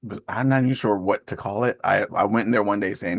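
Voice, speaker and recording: A man's voice: lowish voice, fairly quick, creaky, dry recording, clean studio sound. A man in his fifties hosting a group call, chatting casually in a rambling way and laughing often. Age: 50s. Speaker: host of an accountability call.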